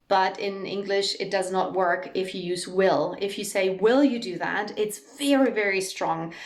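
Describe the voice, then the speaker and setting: A middle-aged woman with a German accent, an English teacher giving a lively, chatty online lesson with a sing-song intonation. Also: medium pitch.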